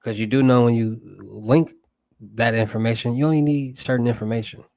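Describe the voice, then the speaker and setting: A young man with a Southern US accent talks loosely to his livestream chat, rambling and full of slang. His voice sits in an ordinary middle pitch. The sound is close and dry, with little room in it. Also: steady tone, fairly quick, darkish tone, dry recording. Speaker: livestream host. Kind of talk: casual livestream talk to chat.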